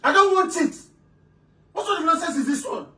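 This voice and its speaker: A woman playing an exasperated female relative who scolds two quarrelling wives, shouting and stammering repeats. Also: very high-pitched, lively intonation, fairly quick. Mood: scolding. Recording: roomy room, voice from a distance.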